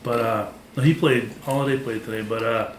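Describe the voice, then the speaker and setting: A man's voice: mid-range voice, fairly even intonation, a little fast. Easygoing man as podcast co-host, with roomy echo and faint background noise. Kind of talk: casual sports chat. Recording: echoey room with faint ambient noise.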